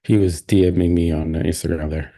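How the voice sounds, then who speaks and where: A man's voice: low voice, fairly even intonation, normal speed, mellow. A man hosting a live stream, chatting casually and rambling with plenty of restarts and opinions.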